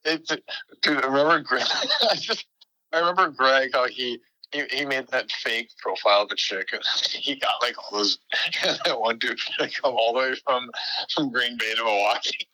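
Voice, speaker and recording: A man's voice: mid-range voice, moderate pace, pushed and bright, rough recording. A man who is a guest on a comedy podcast, giggly and rambling in casual banter.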